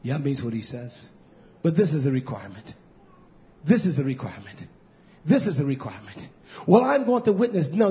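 A male pastor preaching a fiery sermon, swinging from loud shouting to hushed near-whispers and repeating key phrases. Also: a little high. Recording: dull lo-fi recording.

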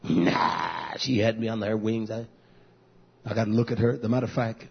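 A man's voice: lowish voice, normal speed, gravelly, husky, highs cut off. A man, a pastor preaching a sermon emphatically and calling out to the congregation.

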